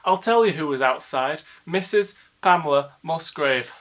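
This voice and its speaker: A fussy, put-upon middle-aged son, played by an actor tells his story in a quick, insistent monologue. His voice sits fairly high and sounds bright and forceful. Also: expressive. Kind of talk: dramatic monologue.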